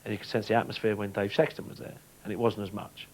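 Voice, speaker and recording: A man's voice: fairly low pitch, level tone, fast, a little mellow, low-quality recording. A man, a former footballer, telling playful anecdotes in an interview. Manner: chatty, playful storyteller.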